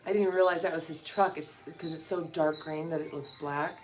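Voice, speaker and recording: A woman's voice: low-pitched, fairly even intonation, a little fast, few pauses, background noise. A woman vlogging in a casual morning chat, joking and talking to her dogs. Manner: chatty, joking asides, talks to her dogs. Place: indoors by a window, birds outside. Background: birdsong.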